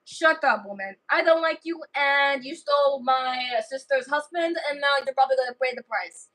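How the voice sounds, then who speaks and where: A woman plays a tough, protective sister who threatens and commands. The voice stays high and bright, pressing hard on each order. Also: moderate pace. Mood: stern.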